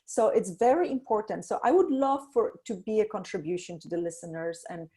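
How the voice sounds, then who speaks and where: A middle-aged woman talking as a podcast guest about energy and intuition, animated, laughing often and acting out the voices she quotes. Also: mid-range voice. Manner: slows to a soft guiding tone in exercises. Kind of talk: conversational interview.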